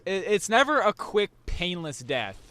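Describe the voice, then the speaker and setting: A man's voice: sits high, sing-song, measured pace, pushed and bright. A young man hosting a casual chat, rambling through a recap with many restarts and fillers. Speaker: podcast host.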